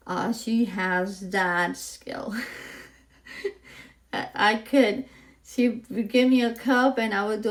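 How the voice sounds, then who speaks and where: A woman's voice: medium pitch, gravelly. A woman hosting a podcast, telling a personal story in a heartfelt, rambling way with many fillers, close to tears at times. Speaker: podcast host.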